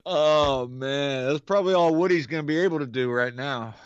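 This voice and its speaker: A man's voice: a little high, moderate pace, smooth, dry recording, highs cut off. A man co-hosting a film podcast, playful and laughing, with fillers between his thoughts. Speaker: podcast co-host. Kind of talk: casual film review chat.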